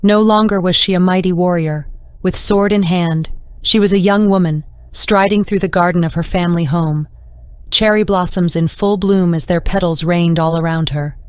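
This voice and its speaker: A woman narrating an audiobook in a measured, dramatic reading. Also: lowish voice, steady tone, smooth, no room sound, clean studio sound. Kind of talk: scripted narration.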